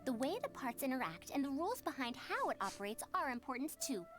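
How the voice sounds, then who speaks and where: A woman voicing a calm, learned scholar in a video game, explaining things in a measured, instructive way. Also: high voice. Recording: game audio with faint music.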